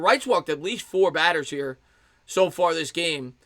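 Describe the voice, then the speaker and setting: Excited fan calling play-by-play, bright voice. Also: male voice, a little slow, no room sound, studio quality. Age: 30s. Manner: excited fan calling pitches, thanks chat viewers. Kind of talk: live play-by-play commentary with chat replies.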